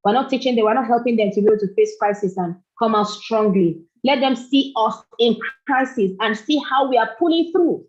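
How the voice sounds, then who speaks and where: A woman's voice: on the high side, fairly quick, hardly any pauses, darkish tone. A middle-aged woman speaking at a parenting summit, earnest and repeating phrases for emphasis. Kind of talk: motivational talk. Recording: dull lo-fi recording.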